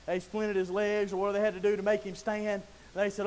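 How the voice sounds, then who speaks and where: A man preaching a sermon in a folksy storytelling way, acting out Bible scenes and building to loud emphatic peaks. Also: sits high, little pitch movement, quick pace.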